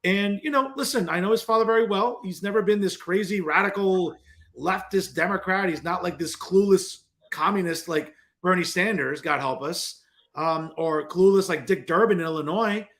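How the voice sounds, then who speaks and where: A man hosting a political talk show, interviewing a guest in an animated, opinionated way. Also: high voice. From New Jersey. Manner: animated, opinionated, fast asides. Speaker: show host.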